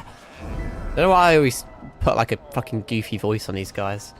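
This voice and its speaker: A man's voice: lowish voice, animated, moderate pace, pauses often, soft background music. A man in his twenties streaming a game, rambling casually and swearing a lot, often mocking himself. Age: 20s. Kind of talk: casual live-stream chat.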